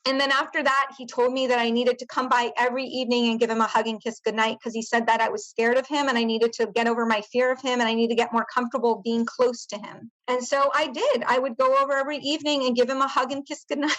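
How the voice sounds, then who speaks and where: A middle-aged woman, a podcast guest, recounting a painful personal memory in a halting way, with many fillers and restarts. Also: high voice, steady tone, fairly bright tone, rough recording. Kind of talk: personal testimony in interview.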